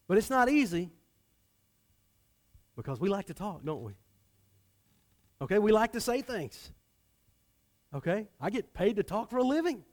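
A man preaching a sermon, a pastor who swings from loud emphasis to hushed, low delivery. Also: very animated, moderate pace, long pauses.

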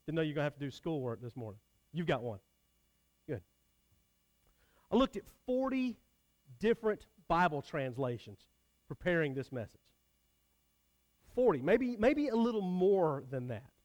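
A man's voice: fairly high pitch, very animated, normal speed, long pauses, darkish tone. A man preaching a sermon, talking directly with his congregation in a conversational way. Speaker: pastor.

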